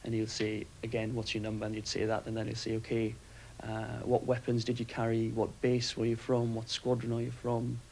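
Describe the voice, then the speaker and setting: A man recounting events for a documentary interview, talking quickly in a steady, matter-of-fact way. His pitch hardly moves, so the delivery stays level. There is a faint hiss on the recording. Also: vocal fry, poor audio. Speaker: former RAF aircrew interviewee.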